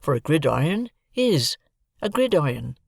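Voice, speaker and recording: Man doing a slow kindly blacksmith in a storybook, rustic talk, gravelly voice raised a bit, dry close sound. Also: on the high side, big pitch swings, no echo, exaggerated voice. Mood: ponderous. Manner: slow, ponderous rustic dialect speech. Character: slow, kindly, plain-spoken village blacksmith.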